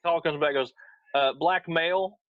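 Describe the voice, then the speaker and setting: High, lively man in dry, dull sound. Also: no echo. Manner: chimes in with quick quips. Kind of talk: casual round-table chat.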